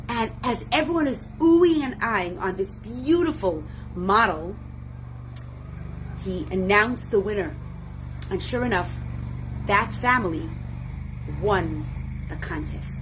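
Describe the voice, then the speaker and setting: A woman's voice: medium pitch, animated, slow pace, pauses often, a little hiss or hum. A woman teaching a Torah class, telling a story dramatically and expressively. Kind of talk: storytelling lesson.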